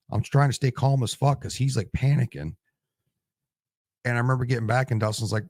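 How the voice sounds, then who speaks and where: A man's voice: lowish voice, moderate pace, darkish tone, no echo, studio quality. A veteran man in his forties, telling war stories in a casual interview, emotional and tearing up, swearing and restarting his sentences. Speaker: Marine veteran guest.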